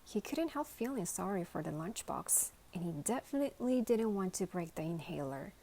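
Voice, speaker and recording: A woman reading a children's novel aloud as a bedtime story, in a gentle, measured way. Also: medium pitch, expressive, a little hiss or hum, low-quality recording. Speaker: storybook reader.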